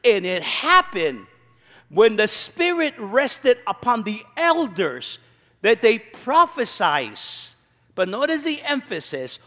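A male pastor with a high voice delivers a sermon in a church, moving between scripture reading and pointed, sarcastic commentary. His voice carries a long reverb from the large room. He lifts his voice to act out the quoted lines. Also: big pitch swings, takes it slowly, sharp tone. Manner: reads scripture then preaches with sarcastic asides.

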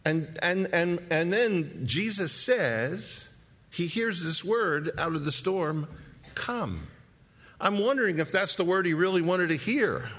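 A man's voice: high-pitched, measured pace. A man preaching a sermon, telling the scene vividly with rhetorical questions and acted-out moments. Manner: animated storytelling, acting out scenes with rhetorical questions.

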